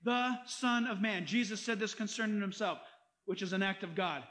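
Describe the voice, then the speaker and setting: Preaching with lively emphasis, a man whose voice sits very high for a male speaker jokes quickly and quotes scripture between points. It's an animated, emphatic sermon.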